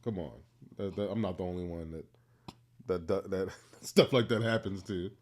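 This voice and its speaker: A man's voice: sits low, normal speed, darkish tone. A man in his thirties co-hosting a casual podcast. He tells stories with a playful, teasing edge and laughs easily. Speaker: podcast co-host. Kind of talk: casual storytelling chat.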